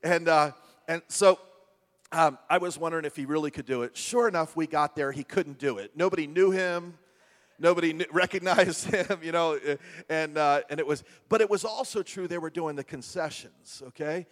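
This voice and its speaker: A pastor with a New Jersey and New York accent who preaches a sermon as a chatty story, with many restarts and asides to the congregation. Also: male voice, on the high side, normal speed, long reverb tail.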